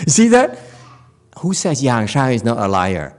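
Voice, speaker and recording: A man's voice: mid-range voice, wildly swooping pitch, slow pace. A man with a Korean accent giving a dharma talk as a Zen master, playful, telling stories and laughing often.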